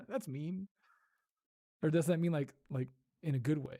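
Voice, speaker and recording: Slow, gravelly, soft-spoken streamer. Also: mid-range voice, animated. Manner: soft-spoken, giggly, curious. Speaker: ASMR livestreamer. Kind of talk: casual livestream chat with viewers.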